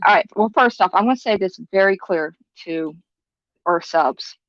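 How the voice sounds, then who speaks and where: A woman's voice: medium pitch, moderate pace, dry recording. A woman with a Southern US accent co-hosting a livestream, speaking hesitantly with frequent restarts. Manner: hesitant, restarts, addresses viewers as y'all. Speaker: livestream co-host. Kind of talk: livestream chat. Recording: dull dry stream audio.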